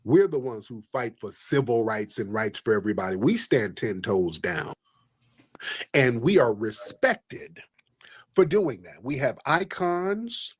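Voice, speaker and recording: A man's voice: medium pitch, very animated, unhurried, husky, dry recording. A man hosting a call-in livestream, preachy and emphatic, repeating his points. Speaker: livestream host. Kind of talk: combative call-in livestream talk.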